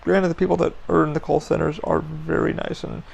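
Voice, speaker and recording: A man's voice: fairly high pitch, flat delivery, fairly quick, gravelly, darkish tone, slight background noise, low-quality recording. A man hosting a podcast, venting frankly in a casual monologue, blunt and full of swearing. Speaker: podcast host.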